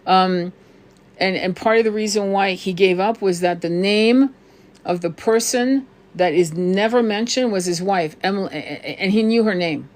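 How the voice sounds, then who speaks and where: A woman's voice: mid-range voice, moderate pace. Rambling, profane woman tarot reader. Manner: rambling, profane, many restarts. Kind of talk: casual spiritual monologue.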